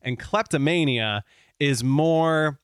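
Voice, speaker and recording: A man's voice: fairly high pitch, slow, clear, resonant tone, no echo, clean studio sound. A man co-hosting a podcast, telling a story in a casual, joking chat. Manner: chatty, joking, uses fillers.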